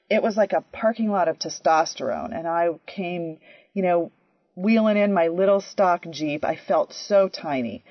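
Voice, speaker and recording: A woman telling a personal story in a chatty, animated way, often saying "you know" and "um". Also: medium pitch, no room sound. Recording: dry, dull lo-fi audio.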